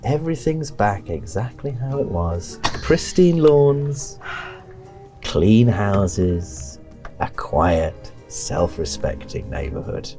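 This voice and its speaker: A man's voice: fairly low pitch, very animated, slow pace, warm tone, faint music behind. A man narrating a tabletop horror game as keeper, hesitant and full of ums. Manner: hesitant, lots of ums and laughter.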